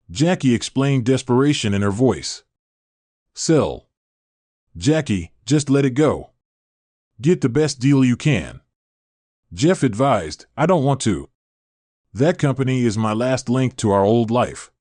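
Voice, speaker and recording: Very animated but a little slow, with long pauses, a man reads a scripted story in a mid-range, slightly mellow voice. Every character and the narration share one voice he barely alters, the same lines recur over and over, and there's no room sound.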